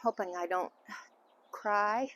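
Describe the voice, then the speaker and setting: A middle-aged woman, answering interview questions as a mother in a candid, halting, emotional way. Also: mid-range voice. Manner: candid, halting, emotional, trailing off into soft asides. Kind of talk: casual family interview.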